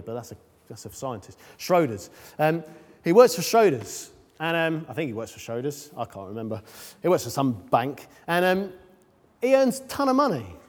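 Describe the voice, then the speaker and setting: A man's voice: on the high side, darkish tone. A man preaching a sermon in a conversational way, with self-deprecating asides and frequent ums. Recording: long reverb of a large hall.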